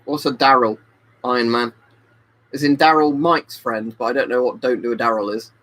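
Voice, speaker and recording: A man's voice: mid-range voice, fairly even intonation, normal speed, a bit bright, low-quality recording. Tipsy, rambling man streaming. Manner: rambling, chatty, reads out viewer comments. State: tipsy from drinking. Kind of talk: casual live-stream chat. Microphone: webcam mic.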